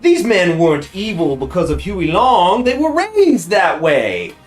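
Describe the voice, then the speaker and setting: A man's voice: high-pitched, huge pitch swings, unhurried, faint music behind, voice pushed up, heavily acted. A man voicing an earnest male defense attorney, pleading emphatically to a judge.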